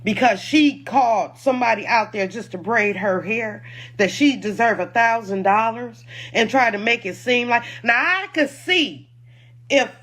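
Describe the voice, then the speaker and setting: A woman's voice: a little high, measured pace, fairly bright tone. A woman who owns a food truck, defending herself in an emotional, indignant personal statement and repeating points for emphasis.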